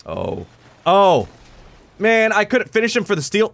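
A young man giving excited live gameplay commentary, joking, shouting at opponents and dropping to low mutters. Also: a little slow, vocal fry, no echo. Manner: animated, jokey, swings from shouting to muttering. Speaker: gameplay reviewer.

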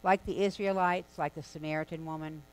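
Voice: mid-range voice, steady tone, brisk, clear, resonant tone, poor audio. A preacher giving a sermon in a church, in a conversational, storytelling delivery with casual asides. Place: church sanctuary.

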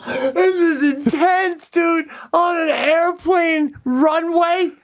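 A man's voice: very high voice, very slow. A man co-hosting a podcast, reacting to a story with teasing, jokey remarks. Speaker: podcast co-host. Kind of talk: casual chat.

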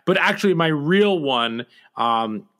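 A man's voice: fairly high pitch, animated, unhurried, a bit bright. A man hosting a horror movie podcast in casual chat, talking loosely with lots of fillers and restarts. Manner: rambling, with many fillers and restarts. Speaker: podcast host and producer.

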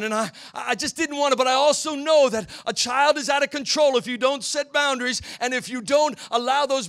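A middle-aged man preaching a sermon in a church, telling a family story and building to shouts at the high points. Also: clean tone. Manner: storytelling, swells to shouting at climaxes. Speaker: pastor.

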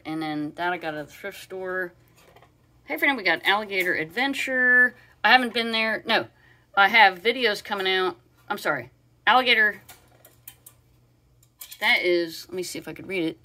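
Woman vlogger, bright and sharp, chatty and rambling, talking live from her home. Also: medium pitch. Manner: chatty and rambling, with many fillers and asides to her parrot. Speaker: vlogger hosting a live stream. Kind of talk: casual live show-and-tell.

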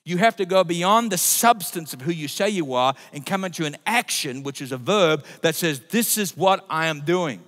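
Male pastor, sermon delivery, fairly high-pitched, punchy then hushed, long church reverb. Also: lively intonation, moderate pace, hardly any pauses. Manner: emphatic preaching, swings between loud and quiet.

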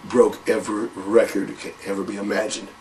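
A man's voice: fairly low pitch, a little fast, recorded from a distance, a little hiss or hum, rough recording. An older man, telling profane wrestling stories in a casual interview and calling people brother. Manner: profane, animated, calls people brother, laughs often. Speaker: interview guest, former wrestler.

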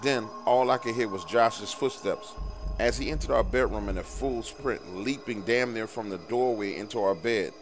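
Hushed low-voiced man telling a horror tale. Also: normal speed, over music. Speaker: storyteller recounting an encounter. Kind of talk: scripted first-person horror narration.

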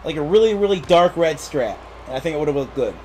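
A man's voice: on the high side, expressive, fast talker, mellow, a little hiss or hum. A young man giving casual, laughing play-by-play commentary on a wrestling video game.

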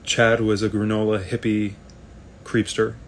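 A man, an actor, chatting casually on a live video stream, reading fan comments aloud and answering them in a relaxed, rambling way. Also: on the low side, measured pace, slight background noise.

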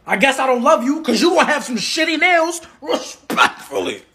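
A man's voice: very high-pitched, lively intonation, fast talker, crowd noise. A man doing brash, swaggering comedy sketches in slangy talk, laughing often. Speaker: comedy creator.

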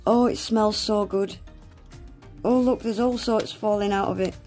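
A woman's voice: medium pitch, moderate pace, darkish tone, faint music behind. A young woman, unboxing gifts in a casual vlog, gasping and exclaiming often and swearing casually. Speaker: nail art vlogger.

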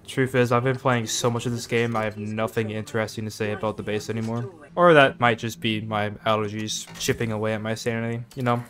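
A man's voice: mid-range voice, a bit bright. Joking, self-mocking male gamer. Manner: jokey, self-mocking, easily startled. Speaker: gaming video creator. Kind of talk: gameplay commentary.

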